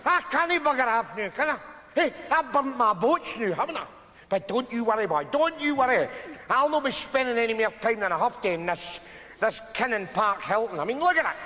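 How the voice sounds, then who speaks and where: A man's voice: extremely high pitch, expressive, fairly quick, bright, forceful tone, heavily acted. Rab, a sardonic Scottish man. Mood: mocking. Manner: mocking and blunt. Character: scruffy, sardonic Glasgow man. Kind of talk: live stage comedy. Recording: theatre recording with long reverb.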